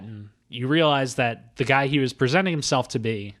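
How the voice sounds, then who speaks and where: A man's voice: medium pitch, fairly bright tone. A man hosting a casual film podcast, talking enthusiastically about a movie and briefly acting out its characters. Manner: enthusiastic, acts out film characters in quick voices. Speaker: podcast host.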